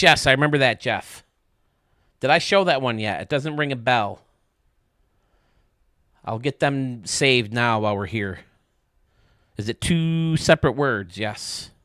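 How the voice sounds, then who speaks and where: Dude streamer shooting the breeze with chat, swears a lot, dry sound. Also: male voice, medium pitch, pushed and bright, dry recording. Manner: chatty, joking, swears freely, talks to viewers by name. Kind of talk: casual live-stream chat while gaming.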